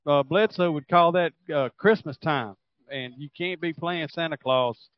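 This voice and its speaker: Folksy, halting football analyst man. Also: fairly high pitch, no room sound, muffled recording. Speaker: color commentator. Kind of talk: football color commentary.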